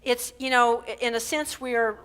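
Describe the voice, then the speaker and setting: A woman minister giving a conversational sermon at a church service. She keeps checking in with listeners with "right?" and leads slow, drawn-out group affirmations. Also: on the high side, fairly even intonation, fairly bright tone, clear, resonant tone.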